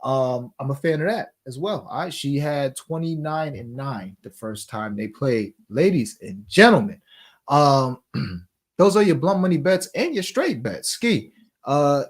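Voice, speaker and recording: A man's voice: on the high side, animated, moderate pace. A man hosting a sports betting talk show, chatting casually in slang and reading viewer comments aloud.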